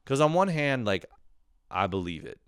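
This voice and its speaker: This comedian podcast host, a young adult man, swears his way through a rambling, exasperated comic rant delivered casually. He speaks at a moderate pace in a medium pitch with big swings, his tone fairly bright, clear and resonant, recorded in a studio with no room sound.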